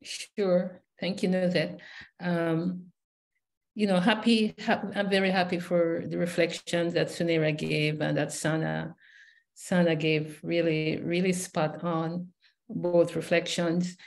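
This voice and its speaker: Jamaican woman with a gravelly low voice. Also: level tone, slow. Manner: reflective, with many fillers and repeated starts. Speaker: panelist, scholar and poet. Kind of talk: panel discussion remarks.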